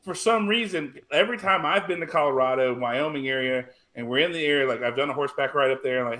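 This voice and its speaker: A man's voice: mid-range voice, fast talker, few pauses, bright, forceful tone, low-quality recording. A man hosting a casual chat show, rambling with lots of fillers. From United States. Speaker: host.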